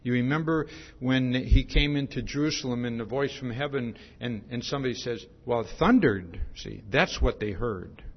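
A man's voice: medium pitch, moderate pace, hardly any pauses, husky. A man preaching a verse-by-verse sermon, often ending points with "see?" and restarting his phrases. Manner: frequent "see?" tags, repetitions and restarts. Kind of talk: expository sermon. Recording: dull lo-fi recording.

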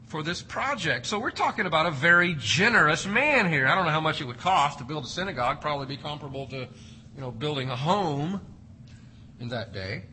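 High, very bright-voiced man preaching. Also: slight background noise, low-quality recording. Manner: emphatic, varied delivery reading and explaining scripture. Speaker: pastor. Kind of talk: expository sermon.

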